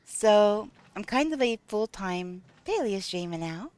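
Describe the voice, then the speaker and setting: A woman game streamer chatting with her viewers in an unhurried, drawn-out way, her voice smooth and clear. The sound is dry and close, with no room echo. She thanks people and walks through what she is doing in the game, filling pauses with ums. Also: medium pitch, animated, darkish tone. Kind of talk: casual live-stream chat while playing.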